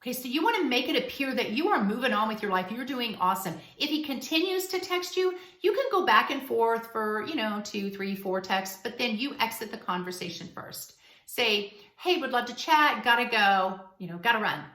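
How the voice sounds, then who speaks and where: A woman's voice: a little high, lively intonation, brisk, fairly bright tone. A woman giving relationship advice straight to camera in a casual, emphatic, coaching way. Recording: roomy echo.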